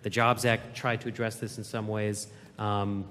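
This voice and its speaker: A man moderating an onstage fireside chat, asking long questions in a halting, searching way. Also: on the low side, level tone, fairly bright tone. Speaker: moderator, journalist. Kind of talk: interview questions on a stage. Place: event hall. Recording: long hall reverb.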